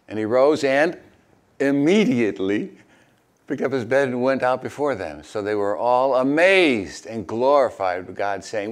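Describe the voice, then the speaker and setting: An older man, a retired pastor, preaching a sermon and reading scripture, with hesitant asides full of fillers and sudden animated bursts. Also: measured pace. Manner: animated, jumps high and loud when acting out crowd voices.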